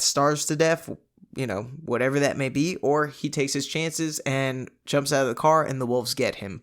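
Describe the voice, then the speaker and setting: Male podcast host, mid-range voice, relaxed book-recap delivery with fillers. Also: mid-range voice. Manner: conversational, animated asides, frequent fillers.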